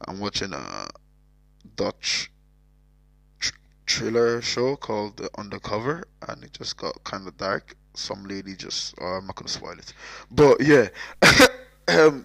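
A man's voice: fairly low pitch, expressive, measured pace, creaky, a bit bright, no echo, rough recording. A man with a Cork Irish accent hosting his podcast, talking loosely and jokily, swearing often and trailing off into restarts. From Ireland. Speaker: podcast host. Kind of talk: casual rambling solo intro.

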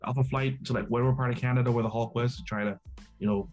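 Halting man explaining comics. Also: mid-range voice, steady tone, a little mellow, faint music behind. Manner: halting, repeats words. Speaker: podcast guest. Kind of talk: casual chat.

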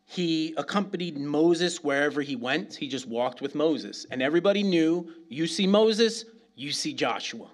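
A man's voice: a little high, normal speed, hardly any pauses. A middle-aged man from New York City, preaching a sermon full of humorous stories, laughing often and asking "right?" again and again. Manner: animated, laughs often, asks "right?" constantly. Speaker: pastor.

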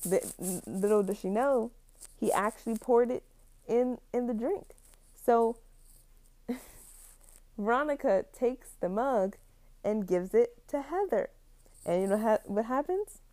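Young woman, casual plot recap, rambling, filler-heavy, mellow dark tone. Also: fairly high pitch, animated, slow, pauses often.

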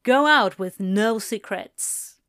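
A woman's voice: mid-range voice, slow, fairly bright tone. Woman reading a frank young barmaid.

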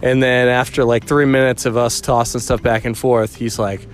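A man's voice: mid-range voice, little pitch movement, moderate pace, few pauses, a little hiss or hum. A man hosting a podcast, talking in a rambling, casual way with many fillers and restarts. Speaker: podcast host.

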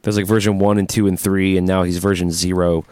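Brief: playful male co-host who riffs on bits, low pitch, very dry mic. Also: level tone, a little fast, darkish tone, clear, resonant tone, no room sound. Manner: jokey, playful riffing. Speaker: podcast co-host. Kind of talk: casual chat.

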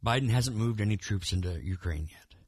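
Low-voiced man, rambling podcast talk. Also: brisk, darkish tone, breathy edge, no room sound, studio quality. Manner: rambling, many restarts and repeated words. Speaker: podcast co-host. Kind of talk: casual political chat.

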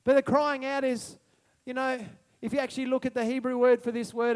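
A man preaching a passionate sermon, swinging between loud proclamation and soft musing and calling out to the congregation for responses. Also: very high-pitched, flat delivery, moderate pace, smooth.

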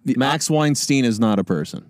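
A man's voice: medium pitch, lively intonation, normal speed, darkish tone, no echo. A man hosting a comedy podcast, teasing his guests and laughing often in casual chat. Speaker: podcast host.

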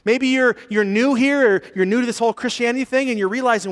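A man preaching a sermon as pastor, telling stories with animated rises and hushed drops for emphasis. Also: very high voice, fast, hardly any pauses, long reverb tail. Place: church sanctuary.

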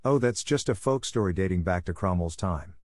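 Level-headed local builder, plain and matter-of-fact, low voice, read by a man. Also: animated, fairly quick, darkish tone, no room sound, studio quality. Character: calm middle-aged male village builder.

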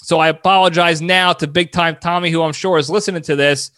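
A man hosting a solo podcast who rambles in an animated way, often cutting himself off mid-thought. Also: fairly high pitch, a little fast. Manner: rambling, animated, self-interrupting. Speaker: podcast host.

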